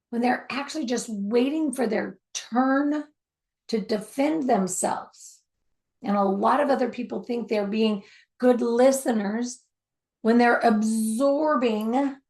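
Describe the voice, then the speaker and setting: A woman teaching about communication at a slow, deliberate pace. Her voice sits a little high, and she leans on repeated words for emphasis, now and then sinking into a hushed near-whisper. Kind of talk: spoken teaching to camera.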